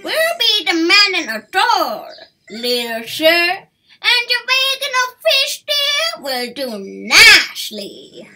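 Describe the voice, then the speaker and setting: Lady doing a loud raccoon boss, high and shouty, bragging. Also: wildly swooping pitch, takes it slowly, a crowd in the background, full character voice. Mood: swaggering. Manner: loud, swaggering, laughing coarsely. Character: boastful male raccoon pirate leader, coarse rogue.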